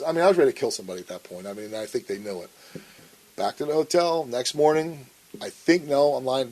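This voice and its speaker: This interview guest is a man with a mid-range, slightly mellow voice, heard on a rough recording. He's blunt and profane as he tells his story, swearing a lot and playing out each quoted argument.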